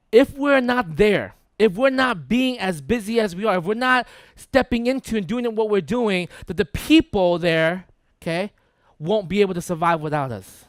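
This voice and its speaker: A male pastor preaches in a loose, conversational sermon style, repeating phrases and checking in with his listeners. His voice sits high for a man. The sound is close and dry, with little room in it. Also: dry recording. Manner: conversational, checks in with "right?" and "okay?"; repeats words for emphasis.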